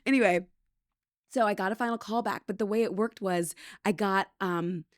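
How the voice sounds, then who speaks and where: A woman's voice: mid-range voice, normal speed, no echo. Canadian-born woman podcaster, chatty storytelling, dry close mic. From British Columbia, Canada. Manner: chatty and animated, acts out quotes. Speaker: podcast host. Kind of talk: casual storytelling monologue.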